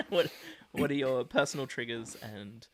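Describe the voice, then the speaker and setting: A man's voice: lowish voice, fairly even intonation, moderate pace, creaky, a crowd in the background. A man co-hosting a casual podcast, talking reflectively and hesitantly, with many fillers and restarts. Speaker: podcast co-host.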